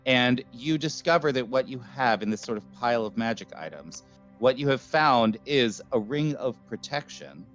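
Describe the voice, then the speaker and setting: Dm casting: easygoing man at mid pitch, dull lo-fi audio, faint music behind. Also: animated, normal speed, fairly bright tone. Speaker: dungeon master. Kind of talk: running a tabletop game.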